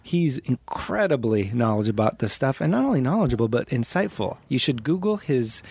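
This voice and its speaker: A man's voice: medium pitch, very animated, brisk, gravelly, a little mellow, husky, dry recording. A man co-hosting a podcast, talking in a chatty, joking way and laughing often. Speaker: podcast co-host. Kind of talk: casual podcast chat.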